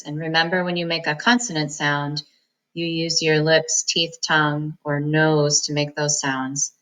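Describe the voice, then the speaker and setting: This is a woman giving a phonics lesson, pitched a little low yet bright and crisp. She talks her students through each word, splitting it into syllables and sounding each one out with deliberate care. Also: rough recording. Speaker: reading teacher.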